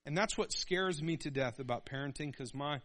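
A man in his thirties preaching a sermon, animated, calling out for amens and acting out little voices. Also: a little high, moderate pace. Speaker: pastor.

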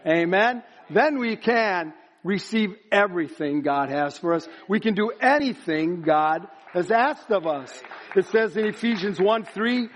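A man's voice: high voice, lively intonation, unhurried, few pauses. A man preaching a sermon at a church service, building up to emphatic repeated phrases. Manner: builds to emphatic chanted repetition.

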